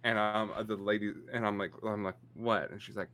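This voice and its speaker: A man's voice: fairly low pitch, level tone, fast talker, fairly bright tone, clear, resonant tone. A man in his forties, co-hosting a podcast in casual chat, rambling and self-mocking. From Canada. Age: 40s. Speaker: podcast co-host.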